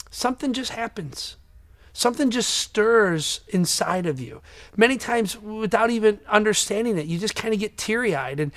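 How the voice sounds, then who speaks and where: A man preaching a sermon in a church, earnest, often repeating words and swelling loud when he quotes scripture. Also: high-pitched. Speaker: pastor.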